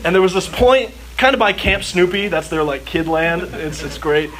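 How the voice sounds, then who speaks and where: Speaking at a church gathering, this Southern Californian youth speaker delivers a storytelling sermon, peppering it with "like" and playacting himself as a kid. The voice is high and a bit bright, with fairly even intonation at a normal speed. Crowd sounds echo through the hall.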